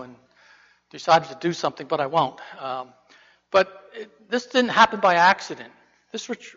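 Captured in a dull, reverberant hall, a male preacher with a fairly high, fairly bright voice leads a Bible lesson conversationally. He directs rhetorical questions at his listeners.

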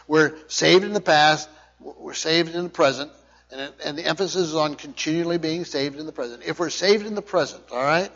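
A man preaching a sermon, repeating his points emphatically and checking in with his listeners. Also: fairly high pitch. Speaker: pastor. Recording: dull lo-fi sound.

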